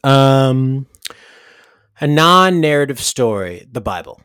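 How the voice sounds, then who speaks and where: A man's voice: medium pitch, big pitch swings, slow pace, a bit bright, clear, resonant tone, no room sound, clean studio sound. A man co-hosting a podcast, with teasing, sarcastic jabs at his partner. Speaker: podcast co-host. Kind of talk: casual podcast banter.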